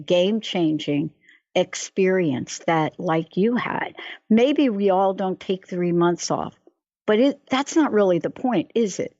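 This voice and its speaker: Woman talk-show host, lively and rambling, dry muffled radio audio. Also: mid-range voice, no echo. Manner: animated, storytelling, stumbles and restarts. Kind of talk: casual radio interview.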